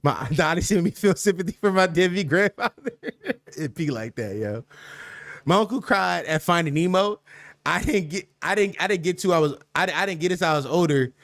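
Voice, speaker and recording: A man's voice: sits high, expressive, fairly quick, a bit bright, no room sound, studio quality. A young man hosting a livestream podcast, talking loosely in slang and reacting to chat with laughs.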